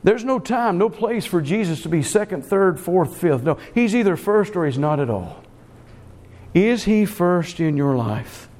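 A man preaching a sermon with emphasis, speeding through some phrases and slowing hard on key words. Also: high voice, sing-song, a little mellow. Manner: emphatic, swings between fast runs and slow stressed words. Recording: long reverb of a church hall.

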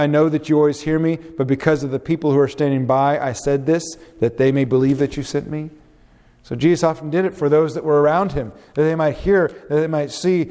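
A man preaching a sermon, dropping his voice low for scripture and rising sharply on questions. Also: a little mellow. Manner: swings pitch widely, drops low on quotes, rises on questions. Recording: long reverb of a large hall.

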